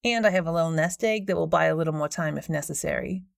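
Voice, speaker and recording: A woman's voice: deep voice, fast, vocal fry, no room sound, pitched below the performer's own voice. A woman narrator voicing a smug, pushy female paranormal investigator with a smarmy, know-it-all manner, in a dry, close recording. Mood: confiding.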